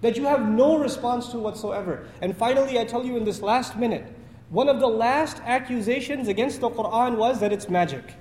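Really high-voiced guy preaching in a mosque, acts out the story lines, big echoey hall. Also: brisk. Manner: animated storyteller, acts out dialogue, laughs at own lines. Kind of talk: sermon storytelling. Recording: echoey hall with faint noise.

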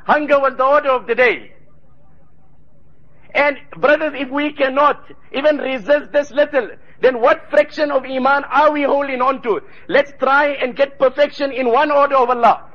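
Male preacher, very high voice, impassioned storyteller, dull lo-fi recording. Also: moderate pace. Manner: fervent storytelling, quoting Arabic. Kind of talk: sermon.

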